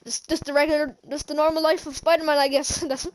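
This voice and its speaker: A woman's voice: high voice, flat delivery, fast talker. A woman recapping a movie in a casual, rambling way, laughing often and restarting her sentences. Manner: rambling, giggly, many restarts. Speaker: movie reviewer.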